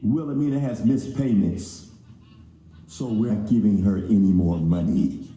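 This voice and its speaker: A man's voice: fairly low pitch, a little slow, pitched below the performer's own voice. A man playing a curt, stern bank officer. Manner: flat, curt refusals. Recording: echoey room.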